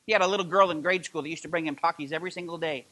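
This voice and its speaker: A middle-aged man preaching a sermon as pastor of a church, impassioned and building to loud emphatic peaks. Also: fairly high pitch, steady tone, rapid-fire. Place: church sanctuary.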